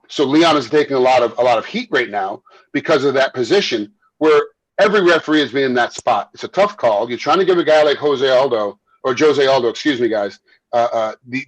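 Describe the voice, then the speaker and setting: A man with a husky voice talks through life as a fight referee and former fighter in a casual interview. He is animated, doubles back on his words and breaks into laughter. The sound is dry and close to the mic. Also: mid-range voice, no room sound, poor audio. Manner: animated, repeats and restarts words, laughs while telling stories.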